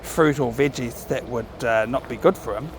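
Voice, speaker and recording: A man's voice: medium pitch, moderate pace, creaky, slight background noise. A man with a New Zealand accent chatting casually to camera while walking his dog on an outdoor riverside trail. He rambles and often corrects himself mid-sentence. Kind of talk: casual walking vlog chat.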